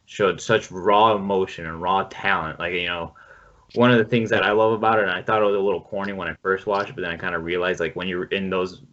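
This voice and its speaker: A man hosting a casual podcast, talking in a relaxed, rambling way with some swearing. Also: deep voice. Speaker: podcast host leading the film discussion. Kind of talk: casual chat. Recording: dull lo-fi podcast audio.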